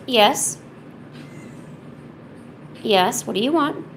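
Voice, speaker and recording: A woman talks to her stream and her cat in a loose, chatty way, slipping into mock-stern scolding. Her voice has a gravelly fry to it, and there is a faint hiss of noise behind her. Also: a little high, expressive, extremely slow, low-quality recording. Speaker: art streamer. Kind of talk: casual chat while streaming.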